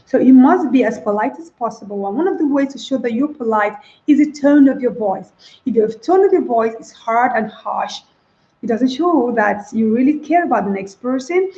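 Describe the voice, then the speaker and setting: A woman's voice: a little high, animated, moderate pace, dark tone. A woman teaching an online spoken English lesson, demonstrating phrases by repeating them with different stress. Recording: roomy, dull lo-fi sound.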